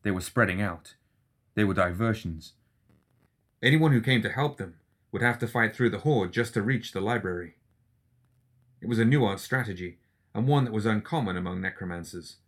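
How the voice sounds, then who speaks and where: A man giving steady, scripted narration of a dark fantasy audiobook. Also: on the low side, normal speed, long pauses.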